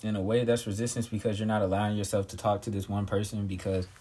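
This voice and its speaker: Young man, low-key and hesitant. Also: little pitch movement, fast, mellow. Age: young adult. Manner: low-key and hesitant, clears throat often. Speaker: podcast guest. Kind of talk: casual podcast conversation.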